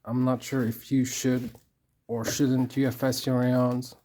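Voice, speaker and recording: Workshop tutorial narrator, unhurried, dark and even, careful step-by-step talker. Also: mid-range voice, slight background noise. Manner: slow and careful, talks to self while working. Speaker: craft tutorial maker. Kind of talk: casual hands-on tutorial.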